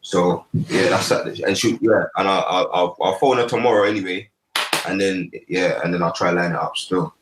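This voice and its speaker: A man's voice: low-pitched, fairly even intonation, moderate pace, reverberant, poor audio. A man hosting an online panel, persuading a guest in streetwise slang and repeating his points. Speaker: host.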